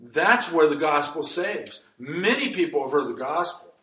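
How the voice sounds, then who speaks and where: A man's voice: fairly high pitch, animated, moderate pace, sharp tone, echoey room, low-quality recording. A man preaching a sermon as pastor, emphatic and reading scripture aloud.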